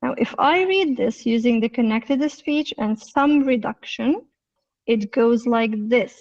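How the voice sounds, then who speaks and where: Slow-talking woman teaching online, muffled. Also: a little high, a little mellow, distant mic. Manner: explains patiently, reads examples slowly. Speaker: English teacher. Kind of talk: live online lesson.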